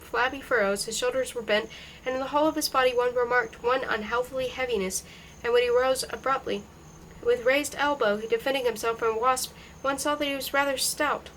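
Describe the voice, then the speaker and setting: A woman's voice: fairly high pitch, a bit bright, slight background noise, poor audio. Woman reading a novel aloud. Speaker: reader.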